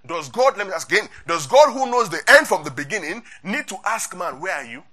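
A man's voice: sits high, very animated, a little fast, bright, forceful tone. A man preaching an interactive Bible sermon, asking his congregation questions and repeating key points.

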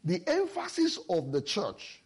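Guy preaching a sermon, kinda husky voice, really lively and emphatic. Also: high voice, a little slow. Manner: lively, emphatic Bible exposition with personal stories.

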